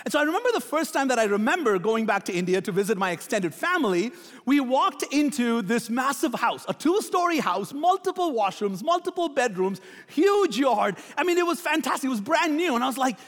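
Brief: young male pastor, very high voice, energetic sermon in a reverberant hall. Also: brisk. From Middle East. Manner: energetic preaching, rising emphatic questions.

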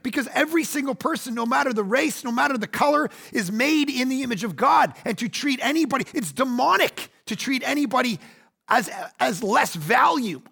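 A man in his forties preaching a sermon, animated, swinging between loud bursts and hushed asides. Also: very high voice, creaky, breathy edge. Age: 40s. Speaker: pastor.

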